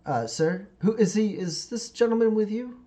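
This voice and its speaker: A man voicing a calm male priest in a tabletop game, speaking in a measured, placating way. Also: sits high, voice pushed up. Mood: grave.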